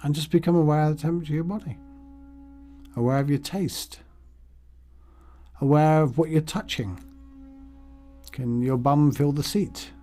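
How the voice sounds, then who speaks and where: A man's voice: fairly high pitch, steady tone, moderate pace, pauses often, mellow, faint music behind. A man teaching meditation in a casual, rambling way, acting out the thoughts in his head. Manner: rambling and conversational, acts out inner thoughts.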